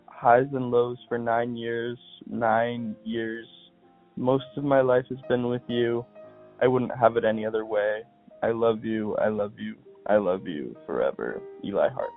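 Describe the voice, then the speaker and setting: A young man, a podcast guest, speaking in a soft, halting, heartfelt way as he reads aloud and chats. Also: medium pitch, steady tone. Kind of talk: reading aloud and casual phone chat. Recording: tinny phone line with faint music.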